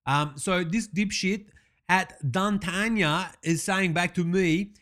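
Man playing a brash, foul-mouthed Australian sports bloke, high-pitched and sarcastic, comedy parody rant. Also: takes it slowly, fairly bright tone. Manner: swears constantly, sarcastic, says mate a lot.

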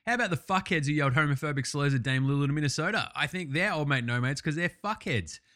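A man hosting a casual sports recap, ranting excitably and swearing a lot. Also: on the high side, quick pace. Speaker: podcast host.

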